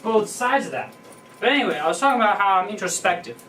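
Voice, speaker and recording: Young man vlogging, thinking aloud, halting and rambling, mic set back a little, soft background hiss. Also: high-pitched, very animated. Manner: rambling, thinking aloud with many fillers and restarts. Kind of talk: unscripted personal monologue. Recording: voice a bit distant from the mic, faint background noise.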